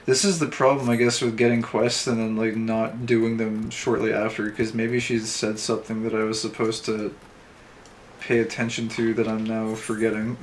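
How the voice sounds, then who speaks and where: A man's voice: fairly low pitch, level tone, moderate pace, slight background noise. Dry, sarcastic man streaming a game. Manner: dry, self-described heavily sarcastic, thinks aloud. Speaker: streamer playing an online game. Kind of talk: casual let's-play commentary, reading game text aloud. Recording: faint game music underneath.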